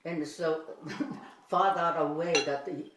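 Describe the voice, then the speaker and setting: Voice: medium pitch, steady tone, slow, distant mic, noisy background. A Japanese-native speaker at a breakfast table, asking questions hesitantly and repeating words. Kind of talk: casual breakfast table chat. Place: home kitchen at a holiday breakfast. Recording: echoey room, off mic, clattering dishes.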